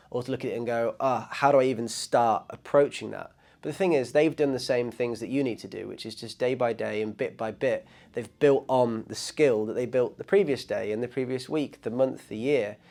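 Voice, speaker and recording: Male drum vlogger, mid-pitched, chatty and encouraging, talks straight to camera. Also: warm tone. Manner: encouraging, upbeat, lots of "you know" fillers. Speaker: drum channel host. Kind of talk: casual advice to camera.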